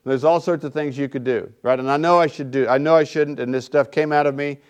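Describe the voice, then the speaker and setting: A man preaching a sermon in a relaxed, conversational way, often checking in with his listeners. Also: medium pitch, fairly quick, hardly any pauses, smooth. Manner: conversational, keeps asking "right?". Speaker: pastor.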